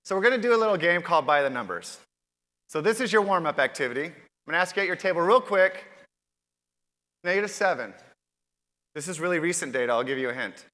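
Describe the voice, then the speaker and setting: A high-voiced man speaks with a bright, forward tone as he hosts a conference keynote. He stays upbeat and keeps turning to the crowd with questions. His voice rings out through a large hall with a long, trailing echo. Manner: upbeat, addresses the audience directly with questions.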